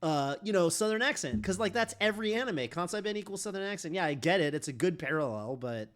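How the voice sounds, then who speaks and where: A man's voice: sits high, expressive, quick pace. A man streaming a game, chatting casually in a rambling way full of fillers and restarts. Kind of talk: casual chat while streaming.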